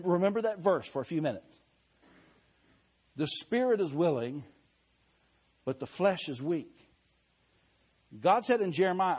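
A man preaching a sermon, reading scripture slowly and deliberately, swelling louder on key phrases and dropping soft. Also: on the high side.

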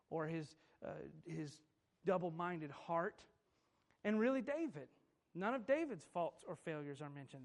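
A man preaching a sermon, emphatic and repetitive, asking rhetorical questions of his listeners. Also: sits high. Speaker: pastor.

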